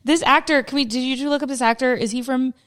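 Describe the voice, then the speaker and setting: A woman's voice: sits high, steady tone, fast talker, a bit bright. A woman co-hosting a podcast, chatting casually and laughing as she recaps a movie, swearing freely. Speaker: podcast co-host.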